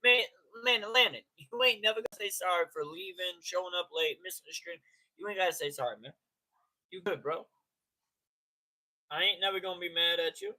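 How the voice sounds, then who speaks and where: Dude hosting a sports live stream, kinda high bright voice, slangy, shouts out chatters by name. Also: male voice, brisk. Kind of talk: casual live stream chat.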